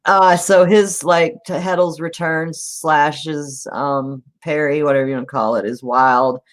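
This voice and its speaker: A woman with a notably low voice talks slowly through a story, pausing often and filling gaps with fillers. Her retelling is loose and chatty, with laughs scattered through it. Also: fairly even intonation. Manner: retells scenes with frequent ums and laughs. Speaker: podcast co-host. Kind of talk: casual book discussion.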